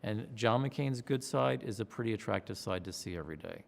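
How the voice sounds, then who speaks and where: A man, a pollster, recounting a campaign story in an interview, acting out his own excitement with gasps and a raised voice. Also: lowish voice, a little fast, vocal fry. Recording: long hall reverb.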